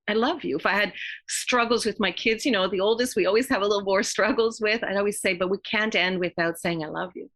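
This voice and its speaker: A woman's voice: mid-range voice, fairly even intonation, fairly bright tone. Earnest middle-aged woman. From Quebec, Canada. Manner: earnest, heartfelt, often pausing and restarting. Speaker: yoga therapist guest. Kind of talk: reflective podcast interview talk.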